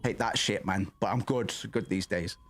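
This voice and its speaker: A man chatting casually on a livestream, rambling and profane, loud and passionate, tacking "man" onto his sentences. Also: moderate pace. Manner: loud and passionate, animated swings in pitch. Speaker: streamer.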